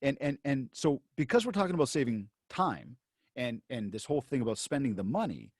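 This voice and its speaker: Animated man telling a story to a seminar. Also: medium pitch, brisk, husky, dry recording, studio quality. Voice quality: animated storyteller who acts out both sides of conversations. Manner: conversational, with many fillers and restarts; addresses the audience directly. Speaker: motivational speaker to real estate agents.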